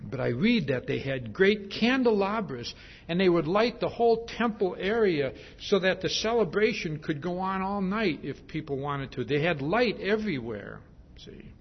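A man's voice: sits high, animated, normal speed, husky. A male preacher giving a sermon, emphatic and repetitive, stressing his points with a repeated "see?". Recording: dull lo-fi sermon recording.

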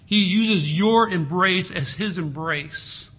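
A man preaching a sermon in an earnest way, slowing down and softening his voice to stress a point. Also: sits high, slightly rough. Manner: earnest, slows and softens for emphasis. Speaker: pastor.

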